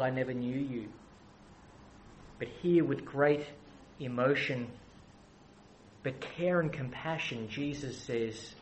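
A man preaching a sermon, moving between soft, quiet asides and loud, emphatic runs of repeated phrases. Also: fairly high pitch, low-quality recording.

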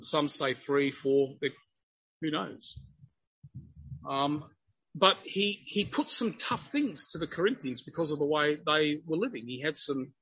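A man's voice: on the high side, fairly bright tone, husky, muffled recording. A man preaching a sermon, explaining a Bible passage in an earnest, emphatic way. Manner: earnest, grows emphatic when quoting.

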